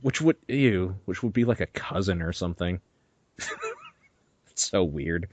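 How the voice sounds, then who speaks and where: A young man hosting a podcast, telling a story in an animated, swearing, laughing way. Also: deep voice, measured pace, no echo. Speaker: podcast host. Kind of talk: casual chat.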